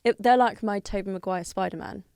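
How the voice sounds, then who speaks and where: A British woman in casual podcast chat, giggly and teasing by turns. Her voice sits at a middle pitch, recorded close and dry. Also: fairly quick, creaky, a little mellow, smooth, no echo. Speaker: podcast guest.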